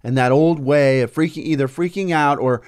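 Smooth-voiced man telling a lively story. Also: a little high, moderate pace. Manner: animated storyteller, acts out quoted voices. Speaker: co-host. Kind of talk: casual chat.

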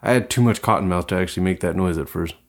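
A man's voice: low-pitched, racing, gravelly. Man, podcast co-host, loose and rambling, heavy on "like" and swearing, faint guitar music underneath. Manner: rambling, profane, many filler likes. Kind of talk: casual chat.

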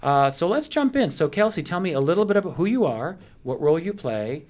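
A man's voice: on the high side, very animated, fairly quick, darkish tone. A middle-aged man hosting a radio show in a studio, chatting playfully with guests and using many fillers. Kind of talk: casual radio interview.

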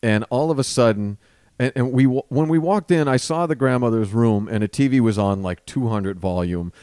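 Animated man in his thirties telling stories. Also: moderate pace, clear, resonant tone, no room sound. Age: 30s. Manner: animated storyteller, swears freely, acts out quotes with big pitch jumps. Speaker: podcast host. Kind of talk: casual comedy podcast chat. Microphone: dynamic studio microphone.

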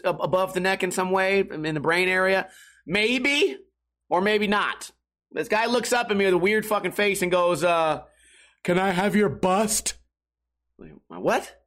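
Lively, profane young man rambling. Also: fairly high pitch. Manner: rambling, profane, self-mocking, laughs often. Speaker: podcast host. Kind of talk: casual solo podcast monologue.

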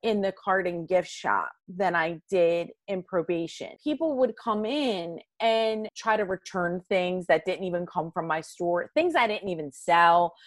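A woman's voice: on the low side, unhurried, hardly any pauses, no room sound. A middle-aged woman in an interview, telling stories from her old job and acting out the dialogue with lots of "like". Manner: animated storyteller, acts out quoted dialogue, uses "like" a lot. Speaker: interview guest, former probation officer. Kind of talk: storytelling interview answers.

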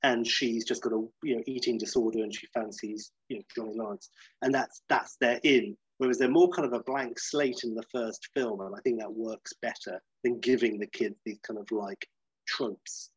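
On a dry, lo-fi recording, a man with a slightly rough voice co-hosts a podcast, reviewing movies at a moderate pace. It's a casual film chat, and he gets animated, performing quotes in high, goofy voices.

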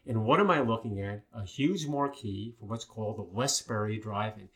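Older man telling animated stories. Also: lowish voice, normal speed. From Long Island, New York. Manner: animated storyteller with many fillers. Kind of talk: casual chat, storytelling.

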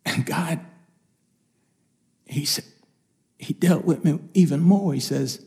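An older man preaching a personal testimony, telling stories with lively quoted voices. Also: fairly high pitch, moderate pace. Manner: animated storytelling, acts out quoted voices. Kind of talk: testimony sermon.

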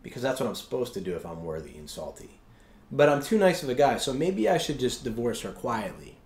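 A man voicing a torn, earnest young man who talks through a hard choice in a quick, fretful inner monologue. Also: mid-range voice, sing-song, a little mellow, echoey room, pitched below the performer's own voice.

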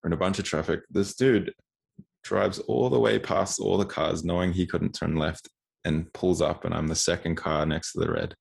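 A man's voice: low-pitched, fairly even intonation, normal speed, creaky, slightly rough. A man in his twenties telling candid stories in casual conversation, often repeating words as he goes. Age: 20s.

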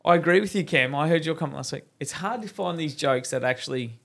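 Casting note: male podcast co-host, gravelly, relaxed rambling chat, quick to laugh. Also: on the high side. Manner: laughs often, rambling, self-correcting. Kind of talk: casual chat, telling a joke.

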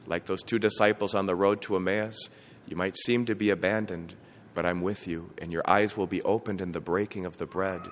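A man preaches a homily as a bishop, telling a story earnestly in a low, deep voice. His words ring with the long reverb of a church. A faint hiss sits under the recording. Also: steady tone, fairly quick. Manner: storytelling, earnest, with small restarts. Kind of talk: sermon.

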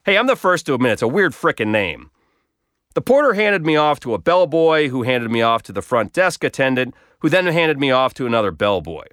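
A blog storyteller shares a personal story with wry, self-deprecating humor, his bit-bright voice very animated and fairly quick, pitch rising and falling freely. The recording is dry and close, with no room echo.

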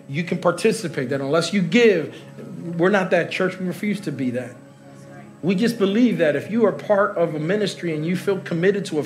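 High-voiced, animated male preacher. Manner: animated, joking preacher who laughs with the congregation. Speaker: pastor. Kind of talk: sermon. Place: large church hall.

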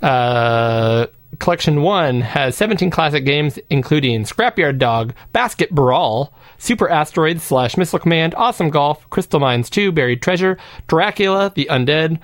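A man co-hosts a casual podcast about retro games, laughing often and reading out lists of titles. His voice is on the high side and animated, at a moderate pace, in clean studio sound with no room sound.

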